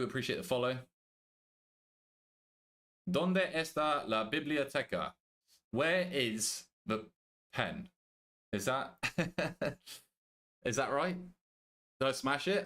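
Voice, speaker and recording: A young British man streaming a game, chatting casually with his viewers, joking, swearing and thinking out loud. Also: medium pitch. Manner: banters with chat, swears casually, thinks aloud. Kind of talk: casual live-stream chat.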